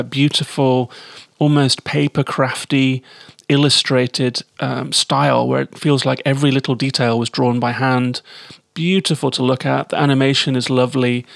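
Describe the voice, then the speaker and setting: A man's voice: medium pitch, creaky, no echo, studio quality. A man giving a chatty, enthusiastic spoken game review.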